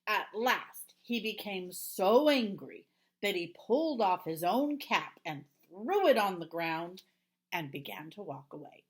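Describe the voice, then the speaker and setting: A woman reads a children's picture book aloud, slowly and with care. Her pitch rises and falls lively across each line. She drops into hushed, whispered asides now and then. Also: husky. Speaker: storybook reader.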